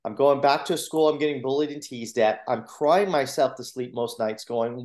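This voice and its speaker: A man who coaches and gives talks recounts his own story in an interview, earnest and animated as he acts out the voices of people in it. His voice sits at an ordinary middle pitch. The recording has a roomy echo. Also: normal speed, hardly any pauses. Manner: earnest, animated retelling with acted quotes. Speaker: motivational coach and speaker. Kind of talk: personal storytelling in a podcast interview.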